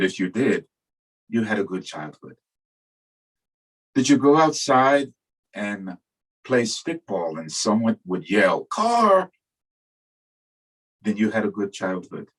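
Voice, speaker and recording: Husky older man giving a dharma talk. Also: fairly low pitch, low-quality recording. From New York. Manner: reflective, storytelling, gentle humor. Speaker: Buddhist teacher.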